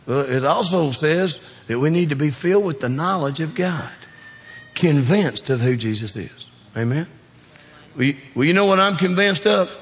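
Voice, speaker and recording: A man with a Southern Kentucky drawl preaching a sermon in a church, folksy and joking, swinging from loud emphatic peaks down to quiet, low appeals. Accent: Southern US, South Central Kentucky. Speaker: pastor. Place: church sanctuary. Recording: long hall reverb.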